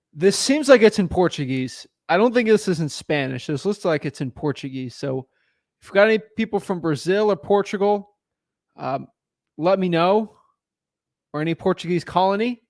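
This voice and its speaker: Energetic man hosting a live Q&A. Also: on the high side, no room sound, studio quality. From United States. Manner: energetic, repeats himself, many fillers and restarts. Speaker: livestream host answering viewer questions. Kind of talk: casual live Q&A.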